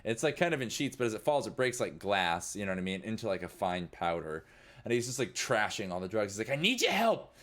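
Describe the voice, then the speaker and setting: A man's voice: lowish voice, fast, fairly bright tone. A young man narrating as game master, rambling with lots of fillers. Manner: rambling, many fillers like "like" and "you know".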